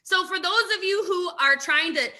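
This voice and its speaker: Woman coaching on a livestream, high voice, punchy and emphatic, lots of rhetorical questions. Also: normal speed, pushed and bright. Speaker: network marketing coach. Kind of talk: live-stream motivational talk.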